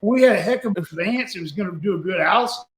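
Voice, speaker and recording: A man's voice: high-pitched, animated, fast talker. An older man, a former wrestling booker, telling a rambling, folksy story with chuckles in an interview clip. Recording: echoey room.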